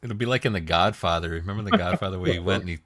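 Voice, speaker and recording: A man co-hosting a casual podcast who rambles through stories, often restarting, and puts on squeaky voices for other people. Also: sing-song, very fast, fairly bright tone. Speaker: podcast co-host. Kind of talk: casual chat.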